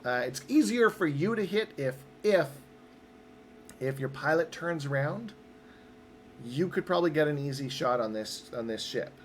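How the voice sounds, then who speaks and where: A man's voice: fairly high pitch, lively intonation, moderate pace, a little hiss or hum. A man running a tabletop roleplaying game as game master, upbeat and patient as he explains the rules step by step.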